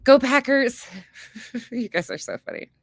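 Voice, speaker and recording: A woman's voice: a little high, animated, measured pace, no echo, studio quality. A woman hosting a casual cooking livestream, chatting with viewers in a blunt, chatty way, swearing freely and laughing often. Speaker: livestream host.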